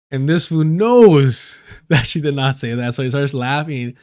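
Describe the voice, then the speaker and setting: A man's voice: mid-range voice, a little fast, a little mellow. Profane, joking man on a live stream. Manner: profane, joking, uses a lot of slang. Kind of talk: casual storytelling on a live stream.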